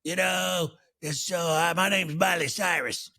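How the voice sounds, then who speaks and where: A man impersonating a brash young female pop star in a put-on New York accent. He rambles loudly, full of fillers. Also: high voice, steady tone, unhurried, vocal fry, full character voice.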